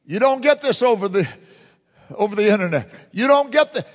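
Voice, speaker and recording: A fervent man preaching a sermon in a church, swinging from loud declarations to hushed murmurs. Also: high-pitched, animated, a little fast. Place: church sanctuary. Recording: long church reverb.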